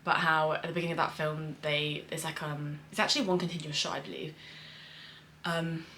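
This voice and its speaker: A woman's voice: deep voice, level tone, a little fast, a bit bright, a little hiss or hum. A young British woman, a screenwriter, chatting in a rambling casual vlog at home, full of fillers and swearing. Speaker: screenwriter reacting to a show. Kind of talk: casual reaction vlog chat. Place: home room with windows open on a hot day.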